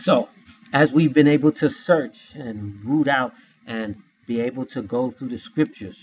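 A man's voice: medium pitch, a little slow, darkish tone, slightly rough, highs cut off. A man teaching from scripture who poses rhetorical questions to his listeners and spells words out letter by letter. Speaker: Bible teacher.

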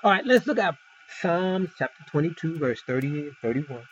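Male preacher, animated and emphatic, informal sermon, faint hiss on a muffled recording. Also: normal speed. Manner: emphatic, wide swings in pitch and loudness, rhetorical questions; folksy asides and storytelling.

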